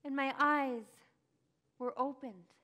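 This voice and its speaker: A woman acting a grieving early follower in a first-person dramatic monologue, telling it breathlessly and crying out in high bursts. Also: steady tone, slow, bright, forceful tone, heavily acted. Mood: wondering. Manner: emotional, breathless storytelling, cries out in high bursts. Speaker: church dramatic monologue performer.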